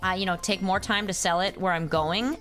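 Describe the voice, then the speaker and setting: A woman's voice: on the low side, steady tone, a little fast, a bit bright, soft background music. A young adult woman streamer chatting casually with her viewers, ranting in an exasperated way. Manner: exasperated ranting, reads chat names aloud. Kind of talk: casual live-stream chat.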